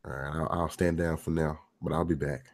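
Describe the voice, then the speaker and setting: A man's voice: rumbling low, flat delivery, fairly quick, creaky, darkish tone. A man co-hosting a casual gaming podcast, giving blunt, opinionated takes. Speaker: podcast co-host.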